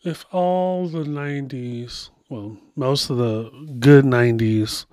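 A man's voice: medium pitch, slow pace, darkish tone, no room sound, studio quality. A man hosting a podcast, chatting casually and rambling through asides as he comments. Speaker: podcast host.

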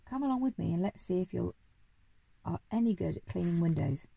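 A woman's voice: on the low side, lively intonation, fairly quick, gravelly, dark tone, husky, no echo, heavily acted. A woman putting on a blustering old duke. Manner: bellowing, bossy. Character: blustering old male duke, short-tempered.

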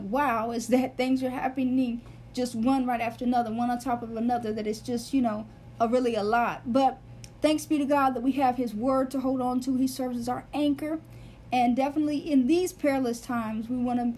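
High-voiced woman teaching scripture. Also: a little mellow, a little hiss or hum. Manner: earnest, explains Greek word meanings step by step; repeats phrases for emphasis. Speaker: Bible teacher. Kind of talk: Bible teaching episode.

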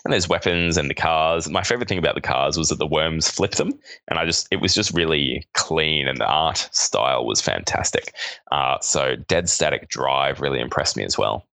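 A man's voice: a bass voice, moderate pace, vocal fry, pushed and bright, dry recording. A man in his thirties with an Australian accent, co-hosting a casual podcast chat and rambling with lots of hesitations. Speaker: podcast co-host.

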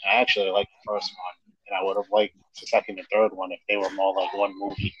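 A man's voice: low voice, little pitch movement, quick pace, a bit bright, dull audio. A man in casual chat, hesitant and rambling with fillers.

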